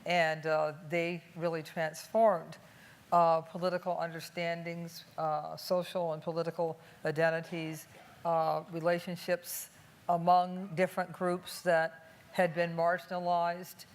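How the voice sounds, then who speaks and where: An older woman from Cleveland speaking on a panel before an audience, thoughtful and unhurried, with many filler pauses. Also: lowish voice, monotone. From Cleveland, USA. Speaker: panelist and activist. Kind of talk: public panel talk. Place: museum talk before an audience.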